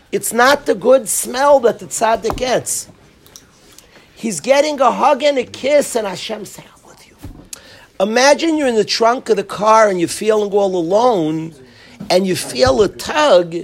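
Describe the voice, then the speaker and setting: A man, a rabbi, giving a casual Torah class to students in a room, telling stories animatedly, acting out quotes and laughing often. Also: very high voice.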